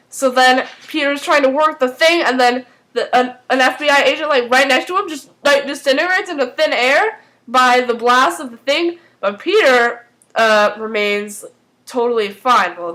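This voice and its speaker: Woman, high voice, casual fan recap, rambling, full of fillers and restarts, animated reactions. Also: rough recording. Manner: animated and emotional, swinging between excitement and mock dismay. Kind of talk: casual spoken TV episode recap.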